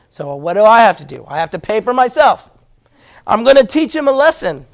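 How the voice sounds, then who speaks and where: A man's voice: sits high, expressive, brisk, vocal fry. A man, teaching a Sunday school class in a church classroom. He talks in a conversational, storytelling way and asks the class questions. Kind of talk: conversational Bible lesson.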